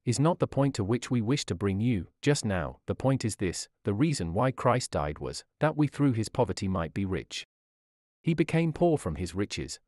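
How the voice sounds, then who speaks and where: A man preaches in an earnest, rhetorical, old-fashioned way, his pitch rising and falling with feeling. The sound is close and dry, with no room echo at all. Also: a little mellow. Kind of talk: sermon reading.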